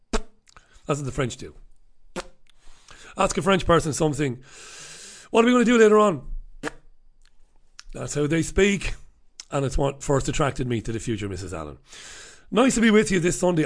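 An Irish man hosting a casual live stream from a small studio, rambling and mocking himself as he chats to viewers. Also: mid-range voice. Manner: rambling, self-mocking, chatty. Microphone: desk microphone.

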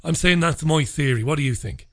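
A male podcast host speaks earnestly, rambling as he works through speculative theories. His voice is pitched fairly high. He talks in a loose, conversational way. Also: fairly quick, a bit bright.

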